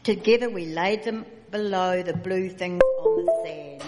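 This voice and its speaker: A woman reading a children's picture book aloud, expressive and unhurried. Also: over music. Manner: expressive, slow storytelling with lively pitch. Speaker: storyteller. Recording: echoey hall reverb.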